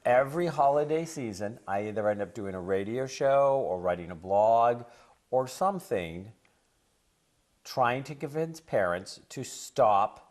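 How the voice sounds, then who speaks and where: A man chatting on a talk show, rambling and conversational, who grows forceful and preachy when he lectures parents. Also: mid-range voice, lively intonation, a little slow. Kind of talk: casual talk show chat and storytelling.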